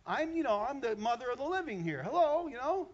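A man's voice: very high voice, very animated, brisk, muffled recording, voice pushed up, full character voice. A man voicing a young woman, the first mother, who is hurt and exasperated in a sermon. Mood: indignant. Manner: exasperated, huffy.

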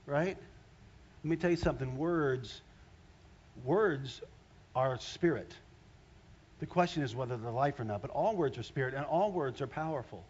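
A man preaching a sermon as a pastor, animated, swinging between loud exclamations and hushed asides. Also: a little high, normal speed, highs cut off.

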